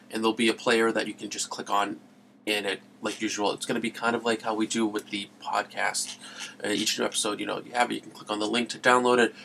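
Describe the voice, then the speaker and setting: Gravelly-voiced male podcast host. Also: lowish voice, sharp tone, a little hiss or hum. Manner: rambling, easily sidetracked, laughs at himself. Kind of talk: casual podcast talk.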